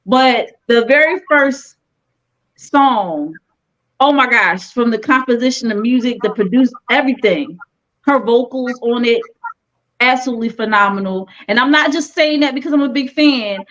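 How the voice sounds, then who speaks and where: A woman's voice: a little high, moderate pace, a bit bright. Upbeat woman with a dull lo-fi mic. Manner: playful, laughing, enthusiastic. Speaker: guest reviewer. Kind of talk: casual music review chat.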